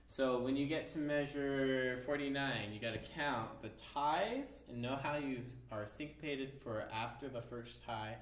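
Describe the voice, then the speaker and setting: A man's voice: on the low side, distant mic. A man teaching an orchestra violin part, explaining the rhythms and counting the beats aloud. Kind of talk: music lesson. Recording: roomy, from off mic, violin behind. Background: violin playing.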